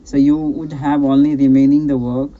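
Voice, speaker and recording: Over phone-quality sound, a man speaks with a flat, medium-pitched delivery at normal speed. He's coaching a learner on an English practice call, giving casual, encouraging advice that repeats a lot and is dotted with "right?" and "you know".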